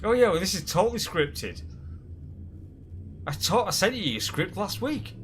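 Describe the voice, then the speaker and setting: A man's voice: sits high, very animated, moderate pace, a bit bright, slight background noise. A man hosting a live game stream, chatting casually with friends, joking and rambling with frequent laughs. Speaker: streamer host. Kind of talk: casual chat while gaming.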